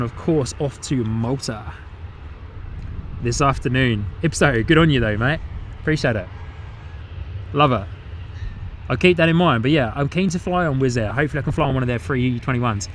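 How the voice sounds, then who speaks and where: Broadcasting live outside an airport, this man hosts a plane-spotting stream, speaking English with a New Zealand tinge. He chats casually with viewers and repeats his phrases a lot, his mid-range voice a bit bright against slight background noise.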